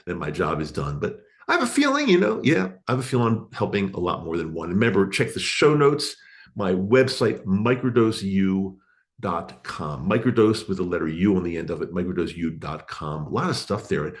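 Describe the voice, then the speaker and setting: Low-voiced earnest male podcast host. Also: big pitch swings, moderate pace. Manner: earnest, encouraging, repeats phrases. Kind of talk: casual podcast monologue. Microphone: studio microphone.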